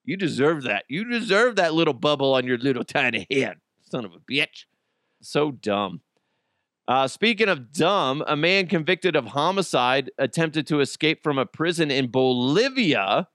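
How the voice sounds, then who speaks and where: A man's voice: mid-range voice, very animated, normal speed, fairly bright tone, no room sound, studio quality. A man hosting a casual comedy podcast, mocking news stories with crude jokes and frequent laughter. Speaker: podcast host.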